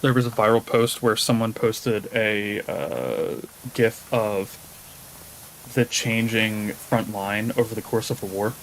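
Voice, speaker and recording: A man's voice: fairly low pitch, takes it slowly, slight background noise, poor audio. Casual man chatting while gaming. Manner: relaxed, rambling, swears casually. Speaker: streamer.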